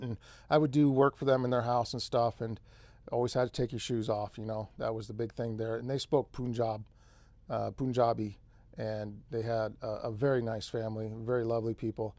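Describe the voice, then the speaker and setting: A man's voice: mid-range voice, little pitch movement, brisk, darkish tone, dry recording. Rambling laid-back man from central California. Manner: rambling, easygoing, says man and dude a lot. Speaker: off-grid channel host. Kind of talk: casual live stream chat.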